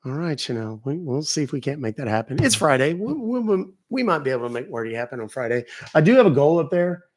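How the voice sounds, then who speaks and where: A man's voice: mid-range voice, lively intonation, fast talker, a little mellow. Joking, foul-mouthed male stream host. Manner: joking, profane, chatty with the audience. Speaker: livestream host. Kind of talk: casual live-stream chat.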